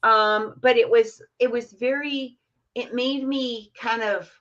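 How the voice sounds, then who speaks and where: A middle-aged woman with a fairly high voice rambles through a personal story. She talks casually, with plenty of fillers, restarts and easy laughter. The stream audio is dull and muffled. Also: fairly even intonation, slow pace, a bit bright. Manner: chatty, many fillers and restarts, laughs often. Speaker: guest telling a personal story.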